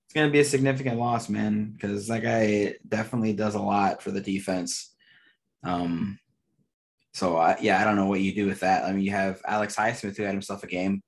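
A man's voice: lowish voice, fairly even intonation, brisk. A man co-hosting a casual sports podcast, chatty and loose, laughing often as he talks. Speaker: podcast co-host.

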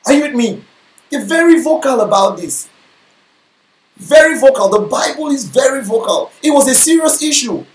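In an echoey room, a male pastor delivers a sermon at normal speed in a very high voice with lively intonation. He often asks the congregation questions, such as whether they're following him.

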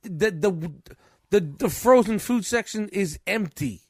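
A man's voice: high voice, animated, a little slow, a little mellow, slightly rough, dry recording, clean studio sound. A man in casual chat, venting about his retail job with constant swearing.

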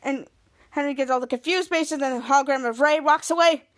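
High-voiced woman recapping an episode. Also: fast talker. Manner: rambling, repeats and restarts, "cut to". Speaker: podcast host.

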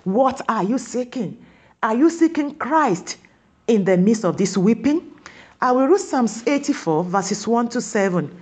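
A woman preaching a sermon, pressing her listeners with repeated questions and slowing down on key words for emphasis. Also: fairly high pitch, animated, a little mellow, breathy edge.

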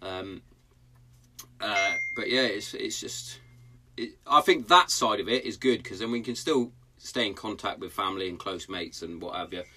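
A man's voice: fairly low pitch, normal speed, sharp tone, a little hiss or hum. A man in his thirties hosting a casual podcast from his garden shed, blunt and sweary in his banter. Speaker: podcast host. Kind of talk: casual chat.

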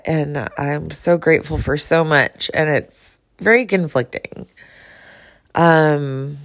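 A woman with a notably low voice, speaking her mind in an unscripted solo vlog. She is blunt and outspoken and swears without holding back. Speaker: vlogger. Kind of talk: casual personal monologue to camera.

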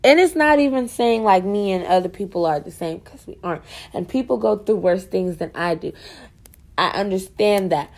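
A woman's voice: medium pitch, animated, moderate pace, darkish tone. A woman student venting in a casual, rambling monologue for her podcast, frustrated and full of fillers.

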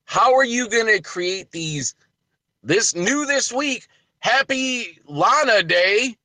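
High, animated man ranting on a podcast. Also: takes it slowly, no echo. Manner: emphatic, ranting rhetorical questions. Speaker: podcast host. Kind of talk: wrestling podcast commentary.

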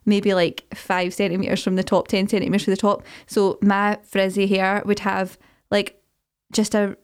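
A Scottish woman in her thirties, co-hosting a podcast, telling animated stories in casual chat. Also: mid-range voice, moderate pace, clean tone. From Scotland. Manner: chatty, animated storytelling. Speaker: podcast co-host.

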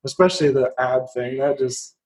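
A man's voice: mid-range voice, normal speed, darkish tone, breathy edge. A man sharing funny anecdotes in casual chat, giggling as he talks. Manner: giggly, chatty. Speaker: podcast co-host.

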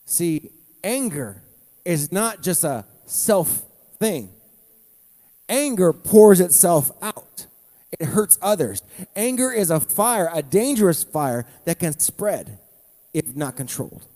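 A man preaching a sermon, animated, with playful asides to the congregation. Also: sits high, takes it slowly, long reverb tail. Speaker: pastor.

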